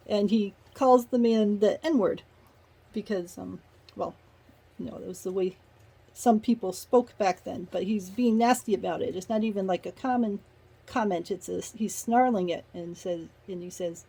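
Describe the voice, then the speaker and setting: A woman's voice: mid-range voice, normal speed, warm tone, breathy edge, low-quality recording. A woman giving a casual spoken review of a short story, retelling the plot conversationally with personal asides. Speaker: book reviewer.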